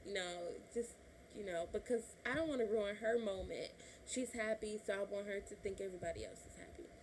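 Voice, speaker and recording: A woman's voice: medium pitch, brisk, slight background noise. A woman of twenty-one from Illinois, telling a personal story to her camera in a chatty vlog, laughing often and acting out what her family said. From Illinois, USA. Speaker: vlogger.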